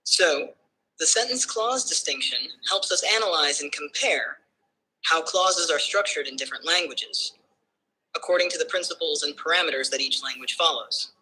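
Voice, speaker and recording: A male-sounding AI voice assistant giving measured, smooth explanations. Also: a little high, sharp tone, poor audio. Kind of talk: explanatory answers.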